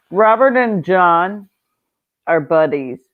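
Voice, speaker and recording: Chatty woman on a tinny line. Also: medium pitch. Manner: chatty, laughs often, greets viewers. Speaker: livestream host. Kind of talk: casual livestream chat. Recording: tinny phone-like sound.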